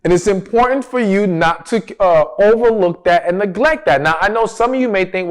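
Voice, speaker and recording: A man's voice: high-pitched, moderate pace, few pauses. A man giving relationship advice as a coach, talking straight to his viewers, stressing key words and answering his own questions. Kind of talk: direct-to-camera advice talk.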